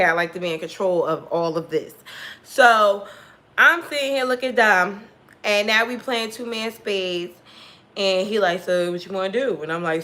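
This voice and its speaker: A young woman hosting a casual storytime vlog, talking candidly and with plenty of swearing, acting out the lines of the people in her story. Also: medium pitch. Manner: candid, profane, animated, acts out quoted dialogue. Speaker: tarot channel host.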